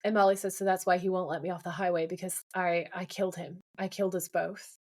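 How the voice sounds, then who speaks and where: A woman's voice: on the low side, level tone, fast, a little mellow. A woman co-hosting a podcast, retelling a TV episode in casual chat, quoting lines and ranting along the way. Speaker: podcast co-host.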